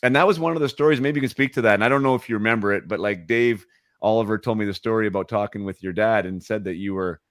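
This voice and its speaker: A low-pitched man hosting a casual interview, his questions winding and packed with fillers and restarts. The sound is dry and close, with no room around it. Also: fast, fairly bright tone, no room sound. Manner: rambling, hesitant questions full of fillers. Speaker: podcast host.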